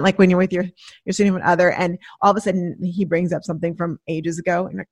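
A middle-aged woman talking as a podcast host and coach, giving a lively motivational monologue and acting out the voices she quotes. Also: fairly low pitch, racing, dry recording, clean studio sound. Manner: animated, acts out inner voices and quotes.

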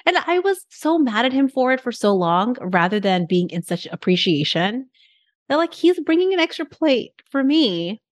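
A woman hosting a podcast interview, telling stories in an animated, casual way with lots of filler words. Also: on the high side, normal speed. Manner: animated storytelling, many "like" fillers. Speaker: podcast host.

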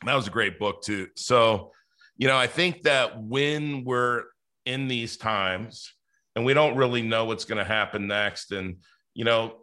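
A man's voice: fairly low pitch, bright, forceful tone. A man hosting a podcast interview, chatting casually with lots of fillers and restarts. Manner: rambling, many fillers and restarts. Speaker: podcast host.

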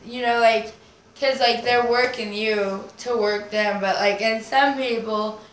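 A woman's voice: on the high side, fairly even intonation, measured pace. Guest spot: woman rambler, free-associating, coins words, curses, roomy room. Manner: rambling, swearing, invents nonsense words. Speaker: podcast guest. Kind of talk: casual rambling chat. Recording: roomy echo, faint noise.

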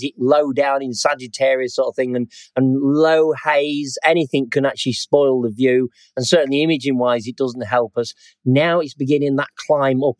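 A man's voice: on the high side, no echo. A middle-aged man chatting about the night sky as a podcast co-host, rambling and tossing in "sort of thing". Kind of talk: casual chat.

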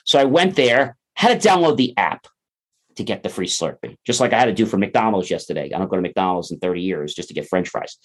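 A man's voice: low-pitched, brisk. A man, a podcast guest, talking casually and acting out the people in his stories. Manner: animated, acts out quoted dialogue. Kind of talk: conversational interview storytelling.

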